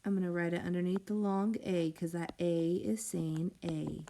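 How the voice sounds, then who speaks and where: A woman teaching a phonics lesson to young children, sounding out words slowly and clearly and encouraging the class. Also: fairly low pitch, little pitch movement, warm tone, slight background noise. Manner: encouraging, addresses class as friends.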